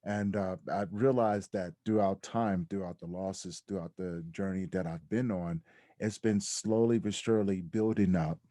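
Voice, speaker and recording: A man on a podcast as a guest, telling his personal story in a reflective way that turns animated when he quotes others. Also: sits low, moderate pace, no room sound. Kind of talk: candid storytelling interview.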